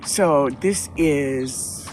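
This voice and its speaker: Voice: medium pitch, very slow, darkish tone, soft background music. A home gardener with a New Orleans accent, giving a casual, enthusiastic walk-through of their own backyard garden and often addressing viewers as "y'all.". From New Orleans, USA. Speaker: home gardener, channel host.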